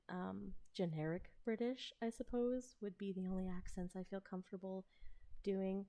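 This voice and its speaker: A woman with a Midwestern American accent, chatting casually and hesitantly on a live stream, now and then slipping into soft whispers. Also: medium pitch. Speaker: ASMR role-play streamer.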